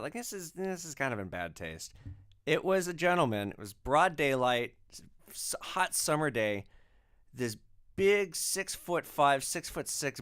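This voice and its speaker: A man with a slightly high, somewhat bright, smooth voice hosts a podcast. He tells stories casually, using loose, profane phrasing and plenty of filler words.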